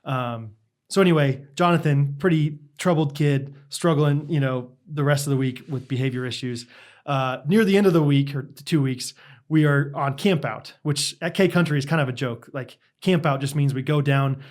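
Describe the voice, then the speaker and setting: A man's voice: fairly high pitch, moderate pace. A young adult man co-hosting a podcast, telling a casual story with lots of laughter and "like". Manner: animated, laughing, heavy use of "like". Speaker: podcast co-host.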